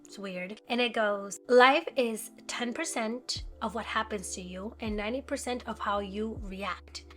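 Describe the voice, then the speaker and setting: A woman's voice: medium pitch, a little slow, faint music behind. A woman vlogger talking earnestly and directly to her viewers, asking them questions as she gives self-help advice. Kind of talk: motivational talk to camera.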